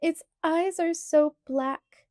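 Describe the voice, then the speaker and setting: A little girl pleads and sobs, her voice lifted high and bright above the reader's own, as a woman reads her part. The speech is close and dry, with a tearful, begging edge throughout. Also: normal speed, no room sound, natural voice. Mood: sobbing. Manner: begging, sobbing.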